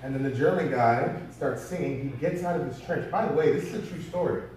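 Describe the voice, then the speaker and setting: A man with a high voice preaches in a casual storytelling way, pressing his listeners with rhetorical questions. His voice booms around a big echoing hall. The mic sits well away from him. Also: a little fast, darkish tone, a little hiss or hum. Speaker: pastor. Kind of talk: sermon. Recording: very echoey hall from far off.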